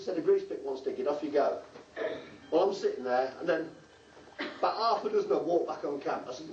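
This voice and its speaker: A man's voice: on the high side, brisk, long pauses, darkish tone. An English man telling a long joke on stage at a group show, acting out the voices of the people in the story. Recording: roomy, distant, dull amateur video with faint hum.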